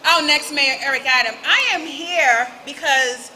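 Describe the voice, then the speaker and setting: A woman's voice: high voice, measured pace, pushed and bright, slight background noise, rough recording. A woman giving a rousing political speech at an outdoor street rally, calling out to the crowd. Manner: rousing call-and-response with the crowd.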